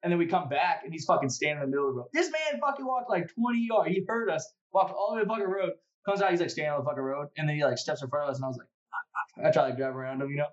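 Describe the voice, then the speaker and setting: A man chatting casually, an animated storyteller who swears a lot and laughs often. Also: a little high, very fast, few pauses, dull audio. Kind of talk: casual chat.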